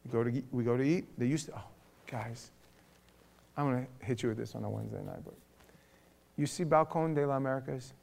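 A middle-aged man with a New York accent preaching a conversational sermon, emphatic, moving between loud punch lines and quiet asides. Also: mid-range voice, fairly quick, creaky, long pauses, slight background noise. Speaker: pastor.

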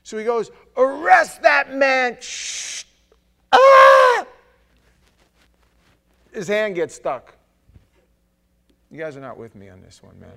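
A man preaching, slipping into voices as he tells his stories. His voice sits on the higher side for a man. He moves between loud bursts and low, confiding asides. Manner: animated storytelling, acts out voices. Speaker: pastor. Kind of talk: sermon.

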